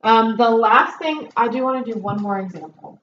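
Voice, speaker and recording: A woman's voice: fairly high pitch, moderate pace, a bit bright, echoey room, highs cut off, a little hiss or hum. A woman teaching a Spanish review lesson, explaining grammar step by step with frequent ums. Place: classroom.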